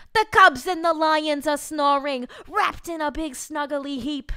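A woman voicing an exasperated adult who loudly reads a cursing bedtime story in a mock-stern way. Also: high-pitched, fairly even intonation, slow pace, no room sound, clean studio sound, voice pushed up, full character voice. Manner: loud, mock-stern reading aloud. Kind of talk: comic bedtime story reading.

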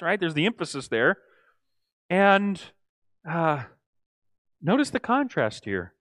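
Casual church teacher, a man with a slightly high voice, talks to the group, dry room. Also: takes it slowly, long pauses, no room sound. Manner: animated, acts out quoted lines, asks the group "right?". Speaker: Bible study teacher. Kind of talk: Bible study teaching.

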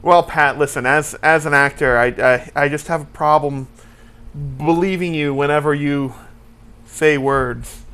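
A man co-hosting a casual comedy chat show, loud and profane, joking freely. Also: on the high side, steady tone, unhurried, clean tone. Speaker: co-host.

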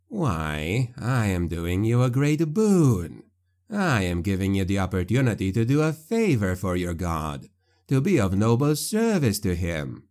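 A cold, scheming necromancer, put on by a male narrator speaks low and slow, full of mocking menace in a dark storybook reading. The voice sits below the narrator's usual pitch and drawls every word.

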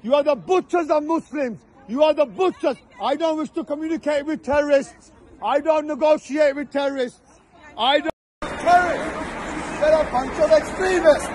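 A man with a notably high-pitched voice shouts and heckles at a street protest, hammering out short, repeated jabs before rallying the crowd. He is recorded outdoors on a city street. A noisy crowd and traffic hum sit behind him. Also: normal speed. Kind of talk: confrontational street protest talk and speech. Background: shouting crowd and passing traffic.

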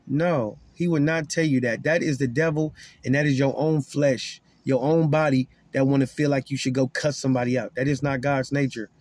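A man's voice: mid-range voice, fairly even intonation, normal speed, few pauses, darkish tone, no echo. Emphatic man preaching, dry sound. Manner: emphatic, repeats words as he restarts; repeats key lines for emphasis. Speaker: self-described prophet. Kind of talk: preaching to camera.

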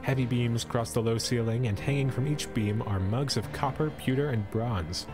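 A man's voice: medium pitch, normal speed, over music. A young man streaming live, reading an adventure story aloud and breaking off to joke with his chat. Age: young adult. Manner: playful, breaks off to joke and comment. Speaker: esports streamer.

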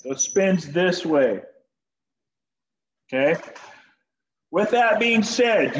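A man's voice: on the high side, roomy sound, muffled recording, slight background noise. A man teaching a shop class in a folksy, joking way while demonstrating tools. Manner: folksy, joking, talks to students directly. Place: school workshop.

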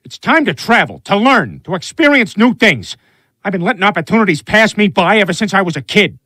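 An actor voicing a bumbling, childish middle-aged cartoon dad who stammers and yelps high when scared. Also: male voice, sing-song, brisk, sharp tone, no echo, exaggerated voice. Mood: earnest. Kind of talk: animated sitcom acting.

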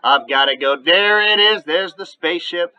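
A man hosting a gaming video with his son, giving excitable play-by-play with shouted sound effects. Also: high-pitched, moderate pace, clear, resonant tone. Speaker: dad and gaming channel host. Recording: dull lo-fi audio.

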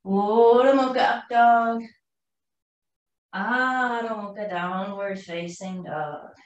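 A woman leads a yoga class in a slow, unhurried voice, a little high, breathless from moving through the poses with her students. She sounds well away from the microphone, and the studio rings with a strong echo. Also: lo-fi sound. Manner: calm breathy cueing while flowing through poses herself. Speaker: yoga instructor. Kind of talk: live yoga class cueing. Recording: roomy echo from far off the mic.

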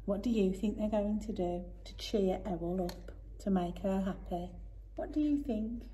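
A woman teacher reading a picture book aloud to young children, gentle, asking them questions and often dropping to a whisper. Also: mid-range voice, a little slow, a little hiss or hum. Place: home, remote lesson.

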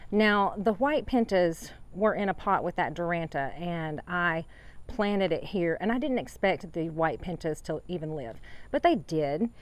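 A woman with a lowish, expressive voice speaks a little slowly in a casual garden tour vlog filmed on a handheld phone camera. Outdoors in her home garden, she rambles about her plants and shares heartfelt thoughts on faith.

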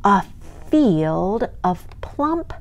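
A woman reading a picture book aloud to young children as a librarian, expressive and pausing to ask the listeners questions. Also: medium pitch.

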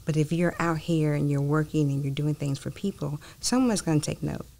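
A woman speaks as a podcast guest in a low voice with a gravelly edge. She tells her story in an animated, expansive way. The pace is relaxed and conversational. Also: fairly quick. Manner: animated storyteller, talks at length. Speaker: interview guest, foundation founder. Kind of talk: casual interview talk.

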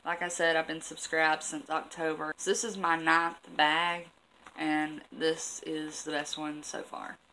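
A young adult woman reviews beauty products in a relaxed, rambling chat. Her voice sits a little low and has a gravelly, creaky texture. A faint hiss sits under the recording. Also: a little slow, low-quality recording. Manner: chatty and rambling, many fillers and asides. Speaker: beauty vlogger.

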